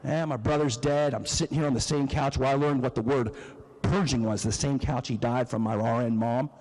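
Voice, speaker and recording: A man's voice: medium pitch, fairly even intonation, fairly quick, a little mellow. A middle-aged man, giving an emotional, emphatic floor speech as a state legislator and telling a personal story. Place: legislative chamber. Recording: long reverb of a legislative chamber.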